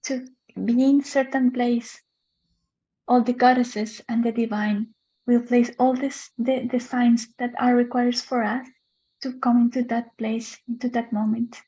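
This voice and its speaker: A woman facilitating a workshop, speaking softly and gratefully, searching for words. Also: a little high, flat delivery, a little slow. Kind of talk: warm reply to a participant. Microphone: video call. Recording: dull video call audio.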